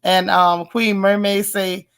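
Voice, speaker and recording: Hoarse woman hosting a chatty livestream. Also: medium pitch, flat delivery, takes it slowly, fairly bright tone. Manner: chatty, reads viewer comments aloud; affectionate, teasing. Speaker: livestream host. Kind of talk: casual live-stream chat.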